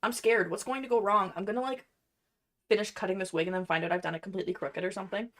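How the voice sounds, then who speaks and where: A woman's voice: mid-range voice, steady tone, quick pace, fairly bright tone. A young woman chatting casually on a livestream while she crafts at home, playful and self-deprecating. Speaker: cosplay streamer.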